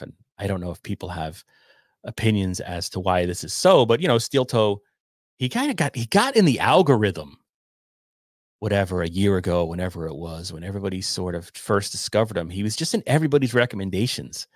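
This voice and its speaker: A man's voice: low-pitched, dry recording, studio quality. A man hosting a casual livestream, rambling loosely, swearing and reading viewer donations aloud. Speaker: podcast host reading chat.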